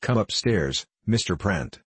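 Man voicing a stout money-minded landlady, deep husky read, dry sound, storybook. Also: animated, unhurried, no room sound, heavily acted. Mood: blunt. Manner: blunt.

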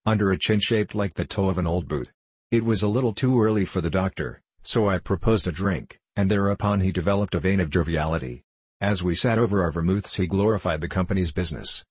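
Deep, husky male audiobook narrator. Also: no echo. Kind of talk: scripted storybook narration.

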